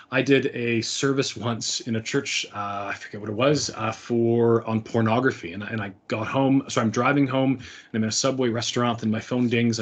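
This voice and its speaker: Speaking earnestly and conversationally to parents, a middle-aged man with a husky mid-range voice keeps using fillers and restarting his sentences.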